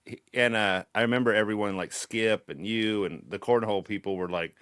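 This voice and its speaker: A middle-aged man in loose podcast banter, animated and quick to swear or laugh. His voice sits on the low side and sounds close and dry, with no room around it. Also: smooth, dry recording. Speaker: podcast co-host. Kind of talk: casual chat.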